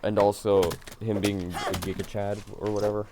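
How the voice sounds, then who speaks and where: A man's voice: lowish voice, level tone, normal speed, heavy background noise. A man streaming a game, rambling and joking to himself and his viewers in a tired, self-mocking way. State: yawning, tired. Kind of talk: casual gaming stream chatter.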